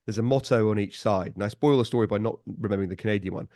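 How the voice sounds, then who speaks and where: A man guest on a podcast, telling stories in a lively way and chuckling often. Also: on the low side, rapid-fire, no echo, clean studio sound. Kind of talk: casual storytelling chat.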